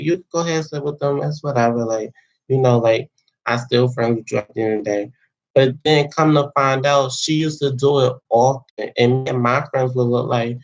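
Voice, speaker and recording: A man's voice: medium pitch, dull audio. A young man telling a story to his viewers in a casual, slangy way, with lots of fillers and swearing. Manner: chatty, slangy, profane, many fillers. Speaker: vlogger.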